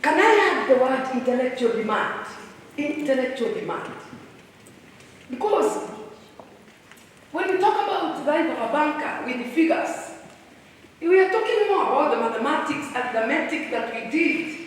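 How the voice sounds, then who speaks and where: A woman giving a lively workshop talk to staff at a retreat, teasing and quizzing her audience. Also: high voice, normal speed, pauses often, slight background noise. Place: large hall with an audience. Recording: echoey hall, distant mic.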